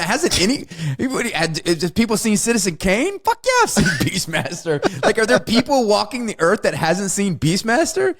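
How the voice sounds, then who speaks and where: A man's voice: high-pitched, very animated, normal speed, hardly any pauses, a bit bright. A man co-hosting a podcast in casual chat, rambling loosely and swearing freely. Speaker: podcast co-host.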